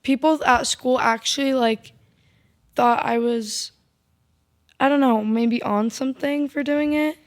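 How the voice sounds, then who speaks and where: A young adult woman co-hosting a podcast, telling stories in an animated, jokey way. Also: sits high, a little slow, long pauses. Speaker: podcast co-host. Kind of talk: casual chat.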